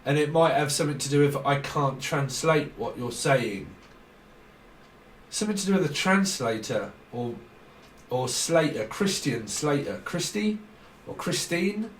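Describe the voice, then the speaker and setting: Man, rambling tarot reading, slightly high voice, roomy room, distant mic. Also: lively intonation, unhurried, slight background noise. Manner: rambling word association, frequent laughs, trailing restarts. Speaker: tarot reader. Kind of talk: casual channelled tarot reading.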